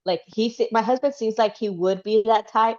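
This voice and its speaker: A woman's voice: on the high side, fairly even intonation, normal speed, a little mellow, dull audio. A woman chatting casually and rambling, with lots of fillers and giggles. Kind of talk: casual chat.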